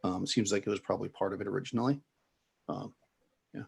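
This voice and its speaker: A man runs a tabletop game, talking through scenes in a rambling way. His voice is low, with gravelly fry and a husky edge. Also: steady tone, fast talker. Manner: rambling, full of fillers and restarts. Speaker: game master.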